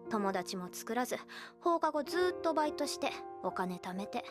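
An actress voicing a girl in anime dialogue, with brisk delivery. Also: fairly high pitch, big pitch swings. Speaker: anime character. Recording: anime clip with music behind.

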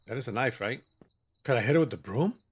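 A man's voice: medium pitch, expressive, fast, husky. A man giving joking, sassy commentary while he plays a horror game, bantering with the characters on screen. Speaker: gaming channel host.

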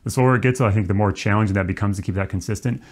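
Male trombone teacher, lowish voice, relaxed, explains step by step. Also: rapid-fire. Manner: relaxed, demonstrative, counts off and sings rhythm syllables. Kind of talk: music lesson.

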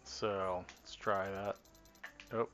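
A man's voice: deep voice, flat delivery, slow, a bit bright. Rambling man streaming combo practice. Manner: rambling, self-correcting, talks to himself while testing. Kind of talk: casual live-stream commentary while playing. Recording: dull lo-fi stream audio with faint game music. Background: faint game music.

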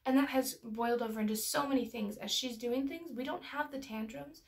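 A woman's voice: on the high side, a little fast. Earnest young woman explaining parenting. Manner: earnest, storytelling with personal anecdotes. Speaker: parenting educator. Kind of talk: personal explanatory talk.

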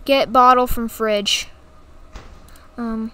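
A woman's voice: on the high side, steady tone, very slow, fairly bright tone. A woman giving casual gameplay commentary, giggling, exclaiming and teasing the game's characters. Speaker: gaming YouTuber.

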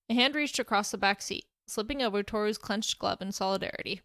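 A woman narrating a fan fiction story aloud in a steady storytelling way. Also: medium pitch, fairly quick, few pauses, no echo, clean studio sound.

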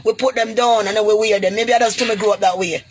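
A woman's voice: mid-range voice, steady tone, quick pace. Jamaican woman pleading to her viewers. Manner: heavy creole grammar, pleading and preachy, calls viewers goody. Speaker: vlogger speaking to viewers. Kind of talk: emotional direct-to-camera monologue.

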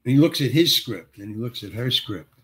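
An older male actor, a guest, telling a long anecdote and acting out the other people's dialogue with lively shifts of voice. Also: mid-range voice, brisk. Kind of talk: storytelling anecdote.

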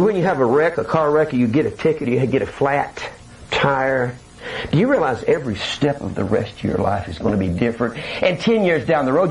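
Lively older preacher, distant and hissy. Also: male voice, medium pitch. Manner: animated, dramatic preaching with acted-out quotes. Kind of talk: sermon. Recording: distant mic with faint hiss.

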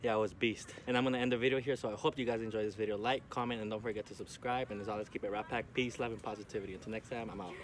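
A man's voice: lowish voice, steady tone, racing, few pauses. Male vlogger, outdoors, out of breath, casual sign-off energy, noisy outdoor handheld recording. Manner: hyped, laughing, shouting sports chants. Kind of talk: casual vlog chat. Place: outdoors at a beach.

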